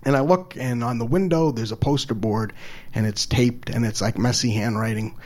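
A man telling a personal story, halting and stammering, openly emotional and self-deprecating. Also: mid-range voice, a little mellow. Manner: halting, stammers and repeats words. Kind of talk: personal story told live.

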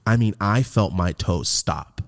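A podcast host with a somewhat low male voice spins a long personal story in easygoing chat. He swears freely and lively, slipping in and out of the voices of everyone involved. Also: a little slow, gravelly. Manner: animated, profane, acts out the voices in his stories.

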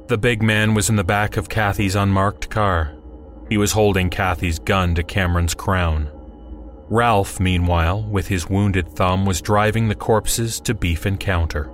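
A man's voice: low-pitched, steady tone, measured pace, soft background music. A man narrating a horror story in a dry, wry storytelling manner.

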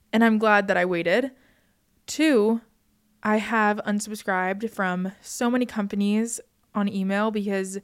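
Young woman vlogging, smooth clear voice, chatty and rambly, lotta "like"s. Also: mid-range voice. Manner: chatty, rambling with lots of "like" fillers. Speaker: content creator. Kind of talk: casual chat.

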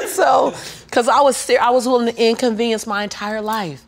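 Speaking a little high and a little fast over background noise, a middle-aged woman who works as a motivational speaker shares a personal story in an interview. She animatedly plays out each character, then shifts into preaching with repeated phrases.

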